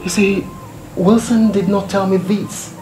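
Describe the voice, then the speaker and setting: A man's voice: high-pitched, fairly even intonation, measured pace, mellow. A man with a Nigerian accent playing a doctor who consoles a patient and urges her to pray. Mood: reassuring. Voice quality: reassuring, preachy. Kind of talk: Nollywood film acting. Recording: roomy film sound with music.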